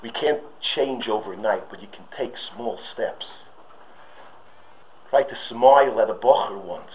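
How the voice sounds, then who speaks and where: A man's voice: lowish voice, unhurried. A man giving a sermon with stories, rising to impassioned pleas. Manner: storytelling, rises to impassioned pleas. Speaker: rabbi giving a talk. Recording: tinny phone-like audio.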